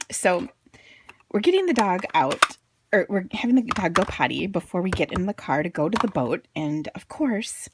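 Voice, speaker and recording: While crafting a greeting card, a woman in her thirties who blogs about card-making tells a funny family story in a casual way, laughing frequently. Her voice sits low, with no echo.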